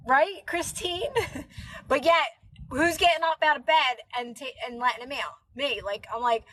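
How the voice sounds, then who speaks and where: A woman's voice: high voice, moderate pace, fairly bright tone, a little hiss or hum, poor audio. A woman hosting a live stream, chatting casually and rambling with many fillers.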